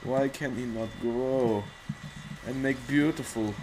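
A man's voice: medium pitch, fairly even intonation, takes it slowly, background noise, natural voice. A man putting on a whiny voice in broken English during game commentary. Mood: plaintive. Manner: lamenting, simple broken grammar.

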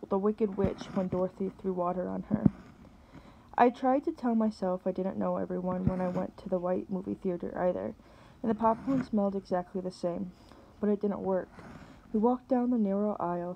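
A woman, a teacher, reading a novel aloud and pausing to explain words. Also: mid-range voice, vocal fry, dull audio, slight background noise.

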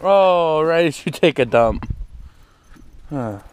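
A man vlogging casually outdoors on a farm, rambling and cursing with an on-and-off put-on accent, and coaxing animals in a high voice. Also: expressive, slow pace, clear, resonant tone. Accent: vague put-on accent that comes and goes. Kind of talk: casual vlog while doing farm chores.

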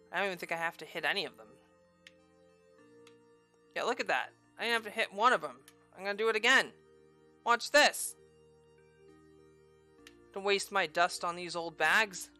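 A woman hosting a let's play, excitable and profane, with loud outbursts. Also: on the low side. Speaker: gaming video host.

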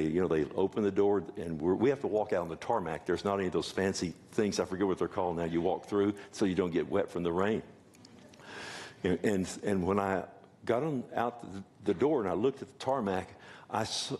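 A man's voice: sits low, a little mellow. An older man preaching a sermon, folksy, with joking asides and many rhetorical questions. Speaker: pastor.

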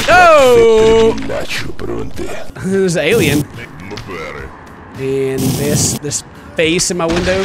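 A man giving comedic gameplay commentary, joking around and shouting at game characters. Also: a little high. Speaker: gaming channel host. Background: game music.

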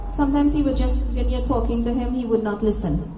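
A woman's voice: on the high side, brisk, warm tone, faint music behind. A woman from Trinidad and Tobago with a Trinidadian accent, giving a public talk and spirit readings in a direct, coaxing, repetitive way. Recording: echoey hall, faint noise.

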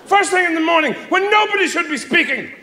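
A man with an Irish accent doing rambling, sardonic stand-up comedy on stage, jumping into shrill mock voices. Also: expressive, fast, sharp tone, a little hiss or hum. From Ireland. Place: theatre stage with live audience. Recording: live hall echo.

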